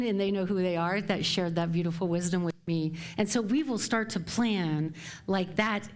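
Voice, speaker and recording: A middle-aged woman minister giving a live sermon to her congregation, chatty and quick to laugh as she tells stories. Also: mid-range voice, animated. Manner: chatty and warm, laughing often while telling stories. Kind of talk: sermon talk. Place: church sanctuary before a live congregation.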